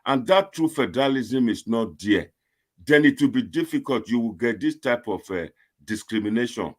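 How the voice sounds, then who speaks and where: A man with a Nigerian accent arguing in a heated casual debate, emphatic and quick to cut in. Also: medium pitch, expressive. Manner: interrupting, emphatic, mixes in pidgin. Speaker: debater in a political argument.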